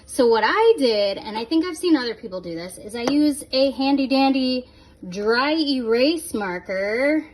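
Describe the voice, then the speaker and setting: A woman's voice: sits high, lively intonation, measured pace, a little hiss or hum. A woman talking casually to her phone camera at home in a chatty, giggly, self-mocking way. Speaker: vlogger.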